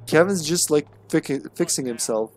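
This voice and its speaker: A man's voice: fairly high pitch, normal speed, darkish tone. A man streaming a video game, giving casual, chatty commentary with swearing and laughter. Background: game music.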